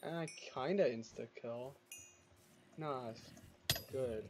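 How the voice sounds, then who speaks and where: A man's voice: mid-range voice, takes it slowly, very noisy. A man giving casual gameplay commentary, chatty, talking back to the game's creatures and laughing now and then. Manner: chatty, talks to the game's mobs, exclaims and laughs.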